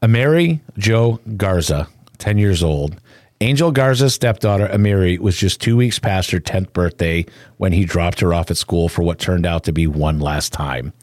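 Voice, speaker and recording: A man narrating a somber news report in a solemn, measured way. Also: deep voice, animated, a little mellow, dry recording.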